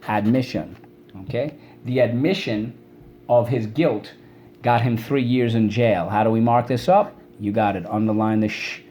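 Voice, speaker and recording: A man's voice: mid-range voice, steady tone, moderate pace, mellow, slight background noise. A man teaching a spelling and vocabulary lesson, drilling words syllable by syllable and prompting students to repeat after him.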